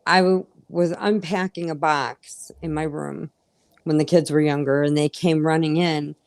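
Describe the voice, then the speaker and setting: A middle-aged woman hosting a casual live chat, telling animated stories and acting out what people said. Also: low-pitched, smooth, dry recording, studio quality. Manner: animated storyteller acting out quotes. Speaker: host of a live crochet chat.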